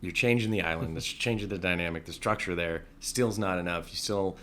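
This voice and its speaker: A male podcast host with a low, deep voice asks his questions in a supportive way. He backs his guest up with frequent short affirmations, and faint ambient noise runs underneath. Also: a little fast, bright, forceful tone. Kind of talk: interview.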